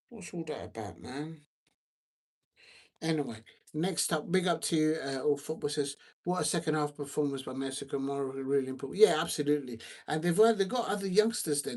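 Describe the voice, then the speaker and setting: A man's voice: mid-range voice, a little mellow. A tired man hosting a football watch-along live stream, rambling casually, using many fillers and reading out viewer comments.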